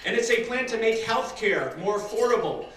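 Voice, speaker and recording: A political candidate from Massachusetts delivers a rousing campaign speech at a dinner before an audience in a large hall, building toward loud applause lines. His voice is high and animated at a moderate pace. The distant mic captures an echoey banquet hall and crowd noise.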